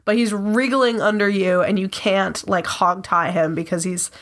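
A woman game master narrates a tabletop role-playing game at a mid pitch. She talks briskly and laughs often between lines. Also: fairly even intonation, a bit bright.

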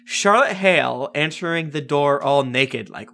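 Male podcast co-host, mid pitch, bright tone, easygoing teasing. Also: a little slow. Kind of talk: casual podcast chat.

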